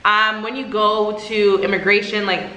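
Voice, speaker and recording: A young woman talking in a casual vlog, animated and exasperated, with laughing asides. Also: medium pitch, moderate pace. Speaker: vlogger. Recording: echoey room.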